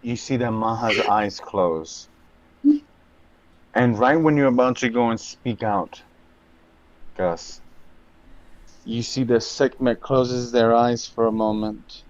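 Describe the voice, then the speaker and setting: A man's voice: medium pitch, no echo, lo-fi sound. A man narrating a tabletop game as dungeon master, drawing out his dramatic descriptions. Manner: slow, drawn-out dramatic narration with swearing.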